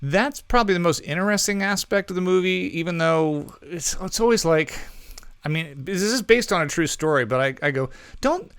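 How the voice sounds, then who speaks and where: A man's voice: high-pitched, a little fast, fairly bright tone, smooth, no echo. A man co-hosting a movie podcast, giving casual reviews in a rambling way, full of ums and self-corrections.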